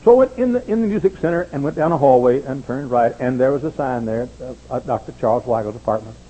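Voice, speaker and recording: A man's voice: fast talker, husky, poor audio. An older man preaching, telling stories animatedly and acting out quoted voices. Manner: animated storyteller, acts out quotes in high voices. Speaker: pastor. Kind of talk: sermon storytelling.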